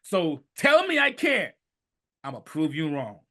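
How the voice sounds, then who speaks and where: A man in his fifties telling his life story on a podcast, animated and emphatic, sometimes rising to a shout. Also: on the high side, measured pace. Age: 50s. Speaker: podcast guest. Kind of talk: storytelling in conversation.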